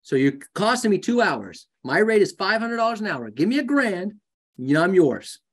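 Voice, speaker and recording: A man coaching a live group of real estate agents in a lively, joking way, often acting out conversations. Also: sits high, normal speed. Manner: animated, jokey, acts out conversations.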